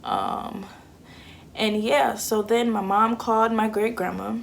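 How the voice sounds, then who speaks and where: A woman's voice: a little high, steady tone, takes it slowly, gravelly, a little hiss or hum. A young woman, chatting candidly and acting out what people said. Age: 20s. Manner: candid and chatty, acts out quotes. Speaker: vlogger. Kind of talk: casual storytelling.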